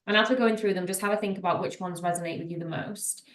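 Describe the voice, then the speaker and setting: Casting note: chatty, teasing woman co-host, late twenties, slightly low voice, echoey room. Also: steady tone, quick pace. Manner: chatty, teasing, self-deprecating. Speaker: podcast co-host. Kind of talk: casual chat. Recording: roomy echo.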